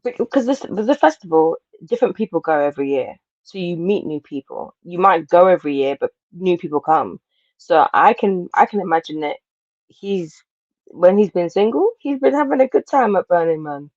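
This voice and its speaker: A woman's voice: lowish voice, expressive, moderate pace, darkish tone, no room sound. An emphatic woman co-hosting a podcast, hammering her points home and saying them twice. Her voice comes through dull and muffled, in a dry, close space. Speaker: podcast co-host. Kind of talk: casual chat.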